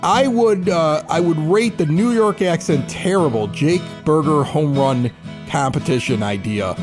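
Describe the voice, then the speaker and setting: A man's voice: fairly high pitch, unhurried, music in the background. A man co-hosting a casual sports podcast, rambling with restarts and frequent laughter. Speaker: podcast co-host.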